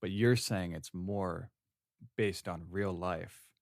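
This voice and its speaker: A man co-hosting a comedy podcast, chatting casually with a deadpan delivery and drawn-out phrasing. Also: deep voice, dry recording, studio quality. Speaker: podcast co-host.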